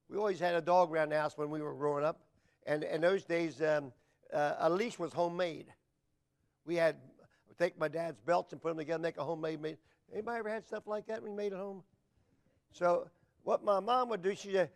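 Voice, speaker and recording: A middle-aged man preaching a sermon, emphatic and repetitive, building to shouted lines. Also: high voice, normal speed, vocal fry, long pauses. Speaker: pastor.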